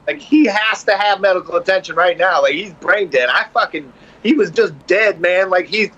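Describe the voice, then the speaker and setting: Animated, profane storytelling man. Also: sits high, moderate pace, lo-fi sound. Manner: animated, profane, acts out voices. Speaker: podcast guest, comedian. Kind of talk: casual storytelling.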